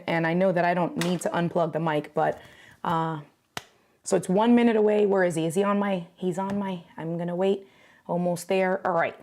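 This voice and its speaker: A woman's voice: mid-range voice, a little mellow. A woman live streaming, chatting casually to her viewers and reading their comments. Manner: chatty, talks straight to viewers and reads chat. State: out of breath.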